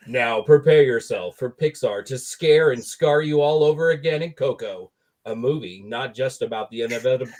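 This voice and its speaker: A man's voice: mid-range voice, a little mellow. Sarcastic man reading a comedic movie review. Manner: sarcastic, mock-exasperated. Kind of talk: read-aloud comedic review.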